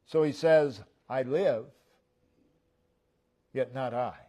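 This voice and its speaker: A man preaching a sermon as pastor in a church, repeating key phrases with emphasis and letting phrase ends fall to a low murmur. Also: slow, dark tone. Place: church sanctuary.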